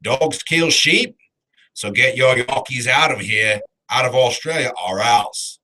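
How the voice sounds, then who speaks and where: A man putting on an exaggerated, jokey Australian voice, drawn out slowly. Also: mid-range voice, sharp tone. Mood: mocking. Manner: exaggerated, jokey, slow drawl.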